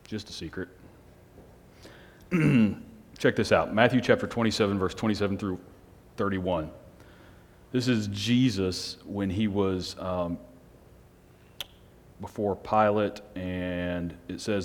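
A man's voice: deep voice, a little slow, long pauses. A man preaching a casual sermon to a small group, conversational, asking the room questions and chuckling. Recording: long hall reverb.

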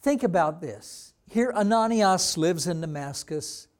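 A man preaching a sermon as pastor, teaching slowly and acting out quoted lines with dramatic emphasis. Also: sits high, animated, darkish tone. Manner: slow, deliberate teaching with dramatic voiced quotes. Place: church.

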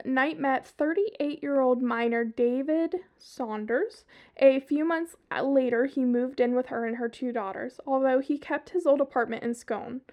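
High-voiced Southern woman telling crime stories. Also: muffled recording. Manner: profane, chatty asides. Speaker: podcast host. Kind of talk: casual true-crime storytelling.

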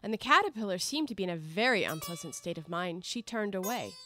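A woman narrating a classic children's story aloud in a clear, measured and expressive reading. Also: on the low side.

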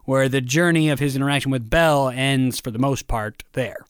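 A man's voice: mid-range voice, fairly quick, smooth, no room sound, clean studio sound. A man in casual conversation about a play, acting out quoted lines with animation. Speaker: podcast co-host discussing a play. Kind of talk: casual chat.

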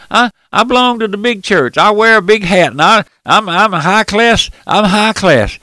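An older preacher with a squeaky, folksy voice, rising and falling with fervor and a gravelly edge. He preaches a radio sermon, repeating himself and addressing his listeners as friends. The sound is dry and close. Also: a bit bright, no room sound. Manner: fervent, repetitive, calls listeners friend and folks.

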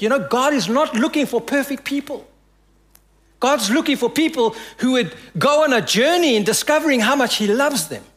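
A man with a fairly high voice delivers a sermon as pastor. He tells the story with rising emphasis, then drops soft and hushed to give the quoted words weight. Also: expressive, normal speed. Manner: preaching with dramatic drops to soft quoted lines.

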